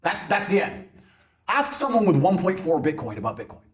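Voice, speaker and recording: Brash mocking man, lively pitch. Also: moderate pace, pauses often, slight background noise. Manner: mocking, boastful, mimics people in loud bursts. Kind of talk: animated podcast rant.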